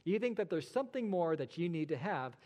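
A man's voice: high voice, sing-song, brisk, darkish tone, long reverb tail. A male pastor delivering a sermon, emphatic and full of rhetorical questions, with dry sarcastic asides.

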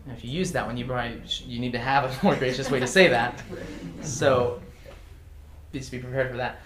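A man's voice: medium pitch, fairly even intonation, brisk, fairly bright tone. A man teaching a casual class, reading example phrases aloud and chuckling often. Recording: echoey room with faint noise.

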